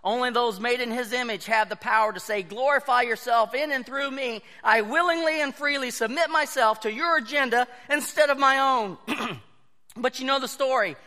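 A man preaching a sermon, telling animated stories and acting out the voices of the people in them. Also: very high voice, moderate pace. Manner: animated storytelling, acts out quoted voices. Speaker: pastor. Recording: long hall reverb.

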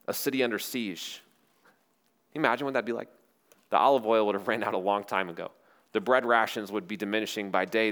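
A male pastor preaching a sermon as dramatic storytelling, swinging between loud rhetorical questions and hushed, low phrases.

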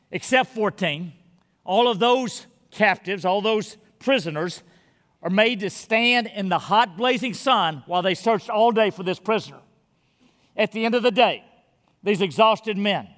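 A man with a notably high voice preaches in a church sanctuary, his words ringing in a long hall reverb. He tells a story as a pastor, then draws his listeners in softly and intimately as he leads them into prayer. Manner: storytelling, growing quiet and intimate toward the closing prayer. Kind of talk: sermon.

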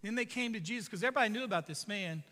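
Male pastor with a high voice, preaching conversationally in a big echoing hall. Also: very fast, bright, forceful tone. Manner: conversational, jokey, asks the audience questions. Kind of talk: sermon.

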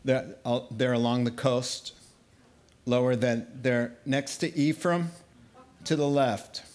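A man preaching a sermon, telling a Bible story in an animated, playful way. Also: mid-range voice, slow. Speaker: pastor.

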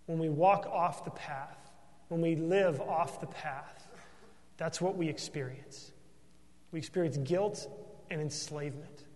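A man's voice: on the high side, unhurried, a little mellow, big-room sound. A man preaching a sermon as pastor, earnest and emphatic, often tossing in a questioning "right?" to the congregation.

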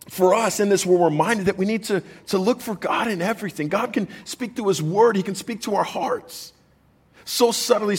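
A man's voice: high voice, slightly rough. A man preaching a sermon as pastor, conversational and jokey, reading scripture aloud to the congregation.

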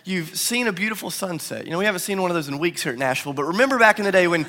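Animated pastor preaching in a reverberant hall. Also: male voice, sits high, rapid-fire. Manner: animated storytelling with acted quotes. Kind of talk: sermon. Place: large church hall.

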